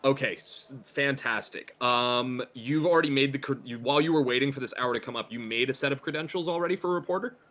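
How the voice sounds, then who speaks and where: A man's voice: mid-range voice, quick pace, few pauses, fairly bright tone. A man narrating a tabletop horror game as game master, hesitant with many fillers.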